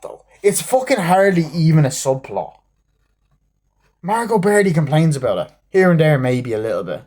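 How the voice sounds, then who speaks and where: A man giving a rambling, profane spoken movie review, acting out scenes in quick snippets. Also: a little high, big pitch swings, darkish tone.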